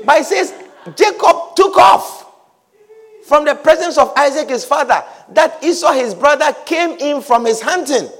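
A very high-pitched man delivers a sermon. His voice is gravelly, and he preaches in an animated way, shouting and dramatizing the characters of the story he tells. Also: normal speed, few pauses. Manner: animated, acts out scripture characters with shouts and laughter.

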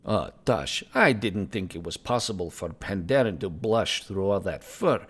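A man's voice: deep voice, lively intonation, measured pace, fairly bright tone, breathy edge, heavily acted. A man voicing a married middle-aged male Draenei traveler who speaks broken English and drops his articles, in an in-character tavern review podcast. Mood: teasing, matter-of-fact. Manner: plain, matter-of-fact, teasing.

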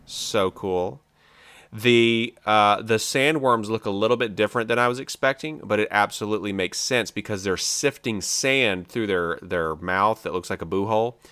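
A man from the US South co-hosting a casual, joking chat about movie trailers, full of fillers and excited asides. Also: lowish voice, moderate pace, clear, resonant tone, no room sound. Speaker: podcast co-host.

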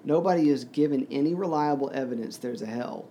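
A man's voice: medium pitch, fairly quick, warm tone, a little hiss or hum, lightly acted. A man reading aloud and voicing a patronizing adult man who speaks drily and dismissively. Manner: dry, dismissive.

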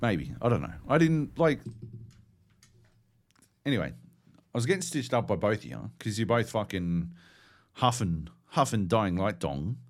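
A young Australian man co-hosting a gaming podcast, ranting and swearing through an animated story. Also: on the low side, measured pace, pauses often. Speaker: podcast co-host. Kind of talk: casual chat.

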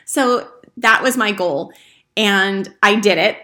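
A woman's voice: mid-range voice, slow, sharp tone. A woman hosting her own podcast, telling a personal story in an earnest, chatty way. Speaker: podcast host. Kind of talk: casual solo podcast monologue.

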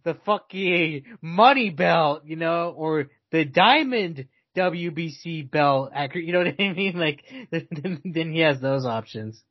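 Husky joking man, lo-fi sound. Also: a little high, lively intonation, takes it slowly, few pauses. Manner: joking, swears often, playful teasing. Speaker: podcast co-host. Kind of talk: casual chat about boxing.

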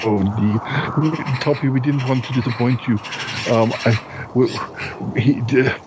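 A man's voice: medium pitch, fairly even intonation, measured pace, pitched above the performer's own voice, lightly acted. A man doing a fumbling, hairy yeti uncle. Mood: apologetic. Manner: hesitant, fumbling, fake quacking. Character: hairy male yeti uncle, sheepish bird-keeper. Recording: loud background noise.

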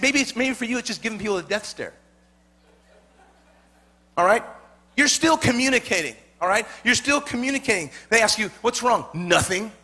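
Male pastor, high bright voice, lively storytelling sermon, calls for amens. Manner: animated storytelling, repeats words, asks congregation for amen.

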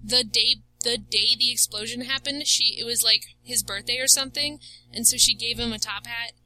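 A woman's voice: a little high, normal speed, low-quality recording. A woman in casual chat, animatedly retelling a story with frequent laughs and lots of "like". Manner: animated storyteller, laughs often, says "like" a lot. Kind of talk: casual chat recapping a video game story.

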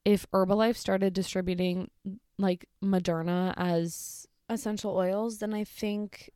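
A woman's voice: medium pitch, fairly even intonation, measured pace, mellow, smooth, no room sound, studio quality. A woman reading messages aloud and reacting with blunt, exasperated, sweary commentary in a casual vlog. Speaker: vlogger.

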